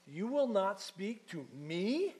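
Indignant, blustering Roman governor, put on by a male preacher mid-sermon, pitched up high and demanding to know who he is talking to. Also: big pitch swings, takes it slowly, darkish tone, exaggerated voice. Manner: blustering, demanding, self-important. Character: indignant arrogant Roman governor, adult man. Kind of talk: dramatized scripture reading in a sermon.

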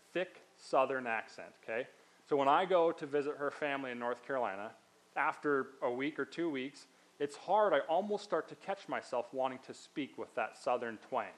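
Man, pastor, sermon, conversational, explains step by step, middle pitch. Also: fairly bright tone, poor audio.

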